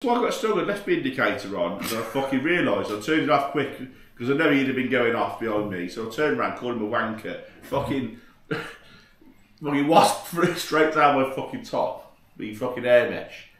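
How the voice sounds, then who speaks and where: A man's voice: medium pitch, animated, moderate pace, fairly bright tone, slight background noise. A young man telling crude stories and teasing his friend, swearing freely. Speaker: fellow biker. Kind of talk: crude banter among friends. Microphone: action camera or intercom mic. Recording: echoey recording.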